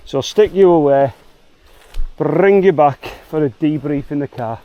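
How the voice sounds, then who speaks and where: A man's voice: a little high, measured pace, dry recording, dull audio. A man with a Liverpool accent, chatting cheerily to viewers as he vlogs a rainy hike outdoors. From England. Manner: chatty, cheery, slangy, addresses viewers as legends. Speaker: hiking vlogger. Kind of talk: casual walking vlog. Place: outdoors on wet fells, later in a car.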